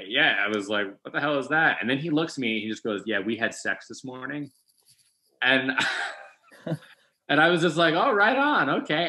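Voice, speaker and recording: This rough recording captures a young New York man at a medium pitch. Appearing as a comedian guest in relaxed conversation, he tells funny stories with animation, doing the voices of each character.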